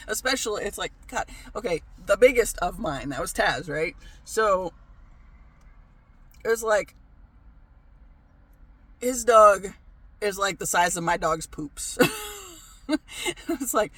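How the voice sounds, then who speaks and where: A man's voice: fairly high pitch, unhurried, pauses often, fairly bright tone, no room sound. A man telling a story in a casual vlog, ranting, swearing freely and laughing often. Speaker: vlogger.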